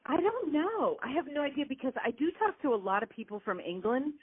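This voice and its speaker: A woman's voice: sits high, big pitch swings, fast talker, no echo. An American woman hosting an interview, chatting eagerly and gushing with lots of fillers. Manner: enthusiastic, gushing, many fillers. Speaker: podcast host. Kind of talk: casual interview chat. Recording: phone-like narrow audio.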